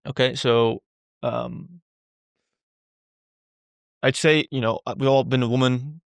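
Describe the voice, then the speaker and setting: A man with a gravelly, fry-tinged voice talks freely as a podcast guest. He circles back on his words and swears in passing. The sound is close and dry, with no room around it. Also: mid-range voice, fairly even intonation, takes it slowly, dry recording. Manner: rambling, repeats words, swears casually. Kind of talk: candid conversational interview.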